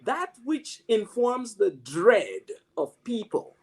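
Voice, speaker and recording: A man's voice: sits high, very animated, slow pace, gravelly, darkish tone, slightly rough. A man who teaches mathematics, giving a reflective, story-driven motivational talk with frequent restarts. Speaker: mathematics professor.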